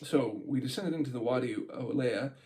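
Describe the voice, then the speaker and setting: A man with a medium-pitched, slightly mellow voice reads a book aloud informally at a normal speed, stopping now and then to chat and laugh. He's an amateur reader, and the recording is rough.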